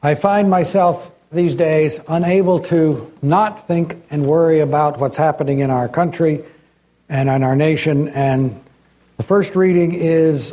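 An older man, a retired pastor, preaching a sermon and reading passages in a measured, deliberate way. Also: on the high side, dark tone.

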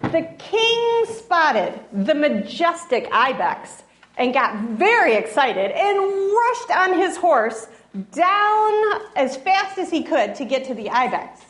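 A woman telling a fable in a gentle storytelling manner, with restarts and asides. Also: high voice, big pitch swings, slow pace. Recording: roomy echo.

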